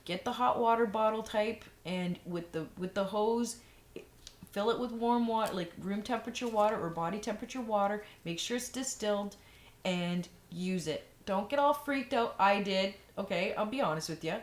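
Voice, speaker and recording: A woman's voice: medium pitch, moderate pace. A woman vlogger giving frank, rambling advice in a casual monologue, full of fillers and restarts. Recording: echoey room, faint noise.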